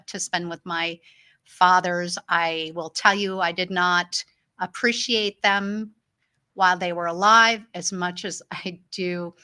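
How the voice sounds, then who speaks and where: A middle-aged talk show host from Illinois tells personal family stories in earnest, her lowish voice pushed and bright. When she quotes other people, she springs into livelier voices.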